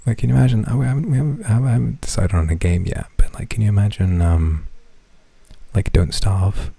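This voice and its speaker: A man streaming in a casual chat, talking in a hushed half-whisper, rambling and swearing casually. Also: lowish voice, brisk, creaky, slightly rough, dry recording. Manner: profane, self-deprecating.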